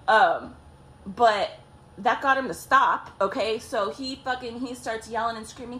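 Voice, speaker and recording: A woman's voice: on the high side, normal speed, fairly bright tone, slight background noise. A woman vlogger telling a story in a casual, profane way, laughing often and checking in with "okay?" and "like".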